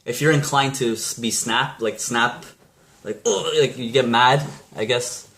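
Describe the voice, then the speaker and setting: A man's voice: medium pitch, steady tone, a little slow, fairly bright tone. A man talking casually to camera, giving blunt, rambling motivational advice full of restarts and mild swearing. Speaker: vlogger.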